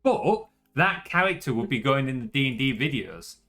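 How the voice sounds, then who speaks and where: A man's voice: mid-range voice, big pitch swings, normal speed, pushed and bright, faint music behind. A young man with a Yorkshire accent, chatting casually as a streamer, laid-back and swearing freely. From northern England. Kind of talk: casual chat.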